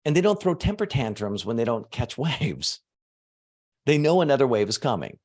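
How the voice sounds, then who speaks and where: A man coaching an audience on manifestation, talking casually and swinging from soft low asides to loud emphatic bursts. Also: big pitch swings, normal speed. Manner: casual, uses fillers like "like" and "you know". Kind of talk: motivational teaching talk to an audience.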